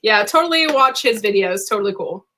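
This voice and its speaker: A woman's voice: mid-range voice, expressive, brisk, pushed and bright. Young adult woman, livestream host; bubbly, rambling, giggly chat. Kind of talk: casual live chat.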